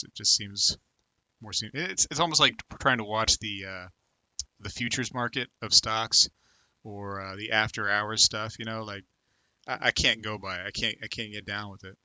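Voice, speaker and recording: Bright, dry-sounding rambling livestream host. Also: male voice, fairly low pitch, no room sound. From United States. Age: 30s. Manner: rambling, filler-heavy, talks to viewers by name. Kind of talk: casual live chat reading comments.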